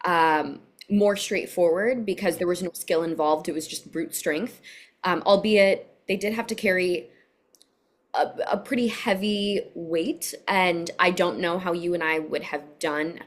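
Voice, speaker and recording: A young woman answering interview questions, telling her story in an animated way with many "um"s. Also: lowish voice, unhurried. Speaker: guest.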